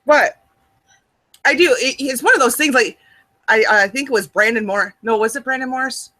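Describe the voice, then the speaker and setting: A woman with a Midwestern American accent co-hosting a casual chat, animated and laughing often. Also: a little high, moderate pace. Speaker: co-host.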